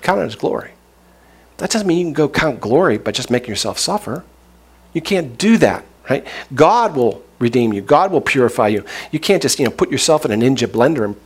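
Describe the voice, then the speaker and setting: Male pastor, husky tone, casual joking sermon delivery. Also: a little high. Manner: conversational, joking preacher who acts out voices.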